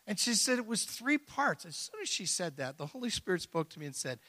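A male pastor tells a story from the pulpit and acts out the back-and-forth of each conversation. His voice sits high and bright and sounds forceful. It carries a long reverb from a large hall. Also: fast. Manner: animated storytelling, acting out dialogue. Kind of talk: storytelling sermon. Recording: echoey hall.

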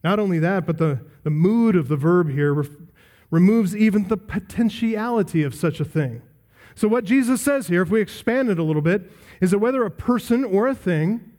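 A man preaching an expository sermon as pastor, emphatic and building through repeated phrases, sometimes dropping to a quiet voice. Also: high voice, expressive, moderate pace.

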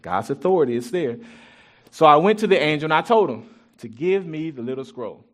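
A pastor preaching a sermon in an animated, conversational way, mixing Bible reading with personal stories. He often restarts his sentences, and his loudness jumps suddenly. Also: a little high, fairly quick. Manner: conversational and joking with the congregation. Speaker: pastor and youth track coach.

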